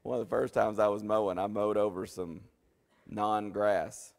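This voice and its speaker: A man's voice: fairly low pitch, steady tone, moderate pace, vocal fry. A man teaching a Bible study in a church, folksy and conversational with many restarts. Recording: long church hall reverb.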